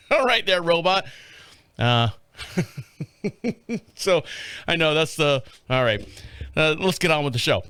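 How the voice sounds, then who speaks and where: A male podcast host rambles casually in a folksy, jokey way. His voice sits a touch high and sounds smooth and clear. It is close-miked in a dry studio. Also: lively intonation, measured pace, long pauses, bright, forceful tone, no room sound. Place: small radio studio. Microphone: studio microphone.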